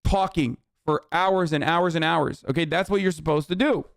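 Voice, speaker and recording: Man, streamer, angry profane rant, sarcastic, smooth resonant voice, dry close mic. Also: fairly high pitch, normal speed, dry recording. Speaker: streamer reacting to news. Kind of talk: angry political rant to chat.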